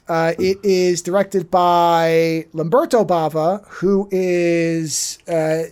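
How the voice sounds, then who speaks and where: A podcast host who talks at length in a middle-pitched voice. They ramble, lose a word, then circle back to it. It is casual chat on a close mic. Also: darkish tone. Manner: rambling, explains at length, loses words mid-thought.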